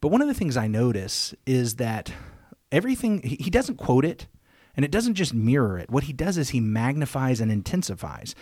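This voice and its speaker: An earnest man at a middle pitch co-hosts a Bible study podcast. He reads scripture aloud and then talks it through casually, restarting his sentences as he thinks. His voice sits close to the mic in a dry room. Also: big pitch swings, normal speed, darkish tone, no room sound. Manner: earnest, restarts and self-corrections while discussing. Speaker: podcast co-host.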